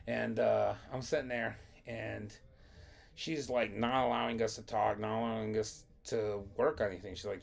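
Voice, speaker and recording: Gravelly young man telling a story. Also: fairly low pitch, little pitch movement, moderate pace. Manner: rambling, profane anecdote-telling. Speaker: vlogger. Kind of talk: casual storytelling vlog.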